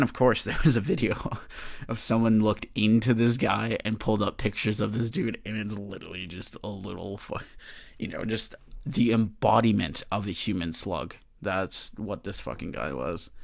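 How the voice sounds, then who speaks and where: A man's voice: lowish voice, gravelly, no echo. A young man hosting a solo podcast, ranting heatedly and swearing a lot. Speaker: podcast host.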